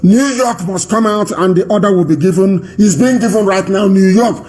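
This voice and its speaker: High-voiced, fiery Nigerian-accented man. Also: normal speed. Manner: emphatic, repetitive, commanding, rising to shouts. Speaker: movement leader giving a radio address. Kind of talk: impassioned live radio address.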